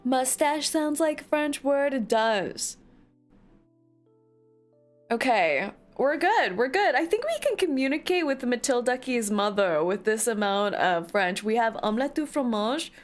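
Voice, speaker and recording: A woman streaming a game, chatting to her viewers in a giggly, animated way. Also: fairly high pitch, unhurried, faint music behind. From United States. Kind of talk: casual livestream chat.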